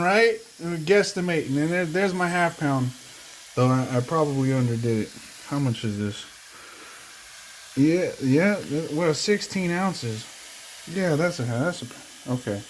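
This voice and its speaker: A man chatting casually while cooking at home, rambling and swearing, with joking asides to the camera. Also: a little high. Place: home kitchen.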